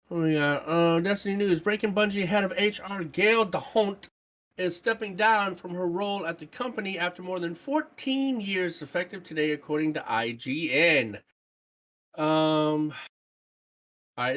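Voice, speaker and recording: A woman co-hosting a gaming podcast, reading out listener comments in casual chat and breaking into excited shouts. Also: low-pitched. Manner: animated, jumps to excited shouts. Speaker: podcast co-host.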